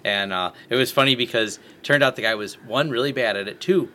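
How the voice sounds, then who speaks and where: A man's voice: medium pitch, fairly quick. A man on a podcast telling stories in a dry, joking way. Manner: dry, storytelling, animated. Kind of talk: casual podcast chat. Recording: noisy recording.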